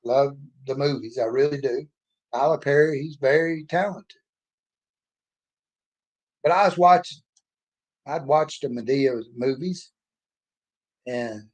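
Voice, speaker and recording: A man's voice: mid-range voice, steady tone, takes it slowly, pauses often. A man telling a folksy, blunt story in a casual monologue. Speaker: author and speaker.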